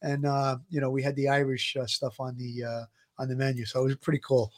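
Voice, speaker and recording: A man's voice: medium pitch, completely flat delivery, a little fast. New man, co-host of a talk show, chatty and rambling, drifts through stories with many fillers. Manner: rambling, full of "uh" fillers and repeats. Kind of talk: casual chat.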